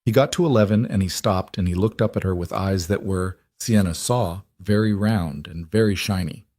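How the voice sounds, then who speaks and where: A man narrating a scripted story in a measured, even storytelling manner. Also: low-pitched.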